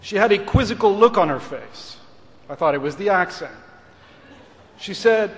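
Middle-aged guy dean giving a grad speech, high voice, big echoey hall, slow rhetorical build. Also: sing-song, fairly bright tone. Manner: measured and rhetorical, switching between English and French. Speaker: law school dean giving a graduation address. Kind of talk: formal ceremonial speech. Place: large ceremony hall. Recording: reverberant hall.

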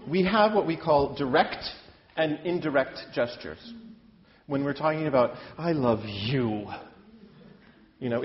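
A man's voice: mid-range voice, a little hiss or hum. Man teaching opera in a hall. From Iowa, US Midwest. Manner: chatty, self-deprecating, talks with his hands. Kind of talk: lecture-demonstration. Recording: dull, hall reverb.

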